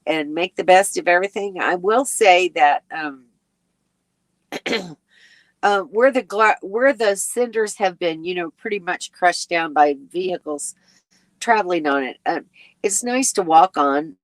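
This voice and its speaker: Sleepy, chatty woman with a lowish voice. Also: a little slow, no room sound. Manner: chatty and rambling, with frequent ums and little laughs. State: sleepy and yawning. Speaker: RV travel vlogger hosting a live chat. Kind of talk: casual live-stream chat, reading viewer comments aloud.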